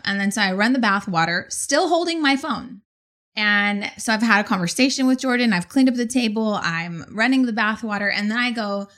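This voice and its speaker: A woman in her forties telling a story in a casual, animated way, swearing often. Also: on the high side, moderate pace. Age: 40s. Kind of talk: casual anecdote on a talk show.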